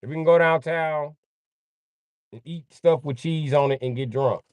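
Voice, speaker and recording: A man's voice: a little high, normal speed, clear, resonant tone, no echo. A man rambling casually and joking on a livestream, swearing freely and laughing often.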